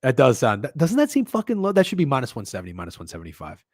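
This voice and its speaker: A man's voice: mid-range voice, huge pitch swings, racing, no room sound. Loose, profane male stream host, dry sound. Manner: loose and profane, joking with chat. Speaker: sports betting stream host. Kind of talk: casual livestream chat.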